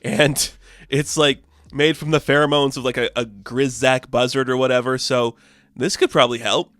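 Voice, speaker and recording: A man's voice: mid-range voice, fairly even intonation, normal speed, a bit bright, dry recording, clean studio sound, lightly acted. A man voicing a casual, helpful male sidekick. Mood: offhand.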